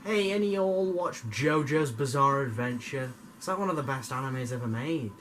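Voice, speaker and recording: A man's voice: mid-range voice, lively intonation, moderate pace, a bit bright, a little hiss or hum. A young man giving jokey, rambling commentary over his gameplay, stammering and swearing now and then. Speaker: gamer.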